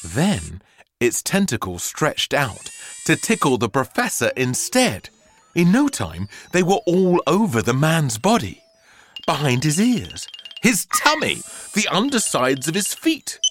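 A man narrating a children's story aloud with an expressive, theatrical delivery. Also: a little high, a little slow, background noise.

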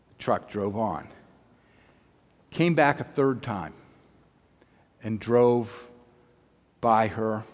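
A man preaching, telling a story in a measured, unhurried way with long pauses between phrases. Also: mid-range voice. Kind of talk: sermon storytelling. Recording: long reverb of a large hall.

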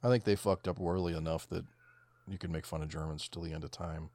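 A man's voice: low voice, fairly even intonation, quick pace, darkish tone, no echo. A man co-hosting a casual movie commentary, talking in a laid-back, profane way and often trailing off mid-thought. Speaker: podcast co-host.

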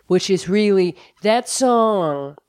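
A woman co-hosting a podcast, telling a story in an animated casual chat that is full of swearing. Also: mid-range voice, slow pace, clean tone, no room sound, clean studio sound. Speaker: podcast co-host.

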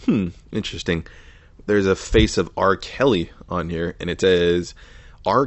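A man's voice: low-pitched, measured pace, no room sound. A man hosting a casual solo podcast, reading headlines aloud and reacting with sarcastic, profane asides and mumbled comments. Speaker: podcast host.

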